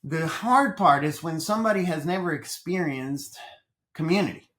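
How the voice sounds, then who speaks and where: A man from Colombia, a business coach guest on a podcast interview, telling stories with animated energy and repeating his phrases. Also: fairly high pitch, moderate pace.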